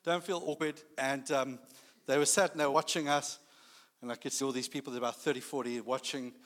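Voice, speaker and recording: A man preaching a sermon, telling a personal story with lively acted-out dialogue. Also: mid-range voice, a little fast, in a large hall. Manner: animated storytelling, acting out dialogue.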